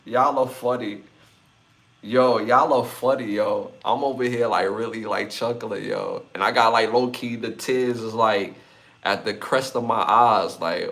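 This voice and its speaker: A man's voice: medium pitch, unhurried, a bit bright. Laughing, slangy male podcast host. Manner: laughs often, loose slangy banter. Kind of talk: casual live-stream chat reading comments.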